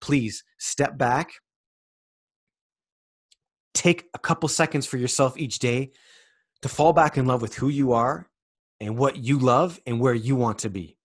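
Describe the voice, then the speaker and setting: A man's voice: mid-range voice, measured pace, long pauses, breathy edge. A man giving a spiritual self-help monologue, loose and rambling, swearing for emphasis and asking the listener question after question. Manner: emphatic and profane, with repeated rhetorical questions. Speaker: vlogger.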